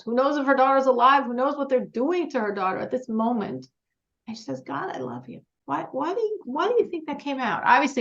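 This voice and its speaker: A woman teaching a religious class, telling stories earnestly and putting questions to the group. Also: high-pitched. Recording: dull lo-fi sound.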